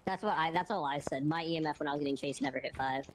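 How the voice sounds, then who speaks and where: A woman with a low voice talks with friends over a game in a dry, matter-of-fact way. A faint hiss sits under her voice. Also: very fast. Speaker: gamer. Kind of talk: casual chat while gaming.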